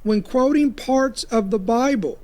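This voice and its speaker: Male commentator, very high yet mellow voice, urgent warning delivery. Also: a little slow. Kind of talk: news commentary.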